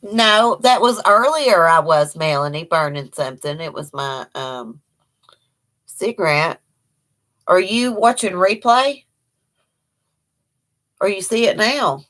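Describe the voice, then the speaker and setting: In a slow delivery full of long pauses, this woman's fairly low, slightly bright voice carries an Appalachian accent from Eastern Kentucky. She hosts a homey livestream, chatting folksily, reading comments from viewers, laughing frequently, and talking to her dog.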